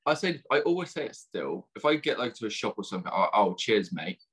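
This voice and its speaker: A man's voice: medium pitch, sing-song, fast, a bit bright, husky. A young English man, a dating coach, chatting casually and full of British slang. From England. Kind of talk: casual chat.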